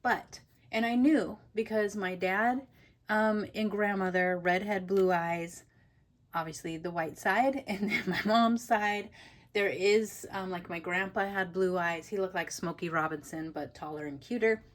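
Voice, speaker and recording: A woman's voice: mid-range voice, fairly even intonation, unhurried. Woman, craft tutorial host, chatty, giggly, rambling, casual home talk. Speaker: papercraft channel host.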